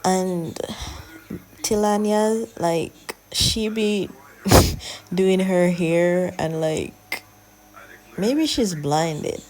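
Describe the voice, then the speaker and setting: Young girl vlogger doing a hair voiceover, slow and mellow, kinda whispery and chill. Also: lowish voice. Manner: soft, drawling, often half-whispered, chatty. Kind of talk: casual hair tutorial voiceover.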